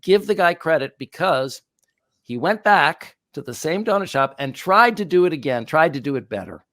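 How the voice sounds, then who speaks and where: A man hosting a podcast, speaking with animated, indignant sarcasm. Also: a little high, normal speed. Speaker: podcast host, psychologist. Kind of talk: commentary chat.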